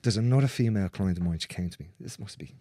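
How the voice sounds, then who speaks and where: A man's voice: lowish voice, quick pace, dark tone, dry recording. Blunt, swearing male therapist. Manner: blunt, swears freely, acts out quoted voices. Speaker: manual therapist. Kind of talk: casual storytelling in conversation.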